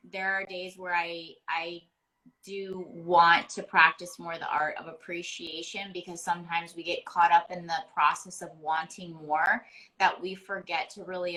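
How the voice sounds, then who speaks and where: Woman podcast host, reflective and affirming, bright tone, lowish voice. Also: poor audio. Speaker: podcast host and performance coach. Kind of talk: casual interview conversation.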